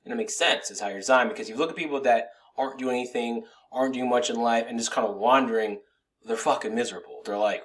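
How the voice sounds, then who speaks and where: A man's voice: medium pitch, brisk, fairly bright tone. Casual swearing male life coach. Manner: loose, swearing, rambling with restarts. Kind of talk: casual motivational talk to camera.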